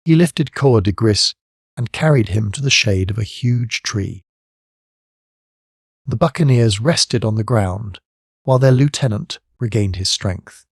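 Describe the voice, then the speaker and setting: A man with a low voice narrates a classic novel for an audiobook in a measured, steady manner. The sound is dry and close, with no room around it. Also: no room sound. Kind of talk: scripted narration.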